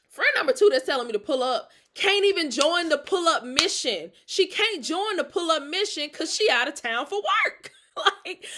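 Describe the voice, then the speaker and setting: A woman hosting a casual storytime, talking straight to her audience, animated and laughing often as she tells it. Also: high voice. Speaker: host.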